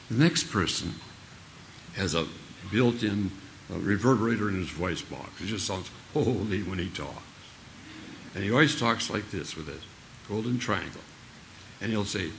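A man's voice: lowish voice, lively intonation, normal speed, gravelly, slight background noise. An older man preaching a sermon in a folksy, humorous storytelling manner.

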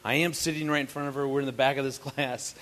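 A man's voice: medium pitch, flat delivery, fast talker, a bit bright. A man telling a funny story to an audience at a family camp, playful and teasing. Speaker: married couple's co-speaker at a family camp.

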